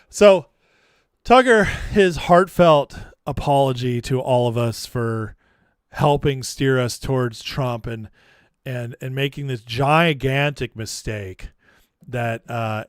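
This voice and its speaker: A man's voice: mid-range voice, clear, resonant tone, no echo, clean studio sound. A man hosting a live political commentary stream, talking casually and mocking the clips he plays with exasperated sarcasm.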